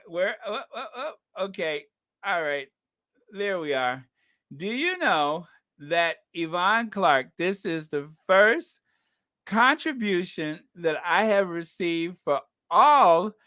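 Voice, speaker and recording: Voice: medium pitch, pushed and bright, no echo, studio quality. A live-stream host in casual chat, effusive and grateful, laughing often while thanking viewers. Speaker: livestream host reading viewer messages.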